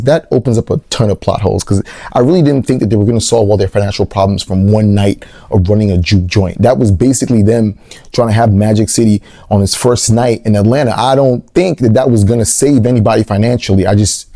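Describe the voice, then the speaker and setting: A man giving a comedic movie review, animated and rambling, with big jumps in pitch on his jokes. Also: dry recording, studio quality. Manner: rambling with restarts and asides.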